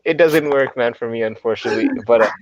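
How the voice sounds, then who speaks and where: A man's voice: mid-range voice, fast talker. A man co-hosting a casual live-stream chat, nasal and congested from allergies, joking about it. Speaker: co-host. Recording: dull, dry sound.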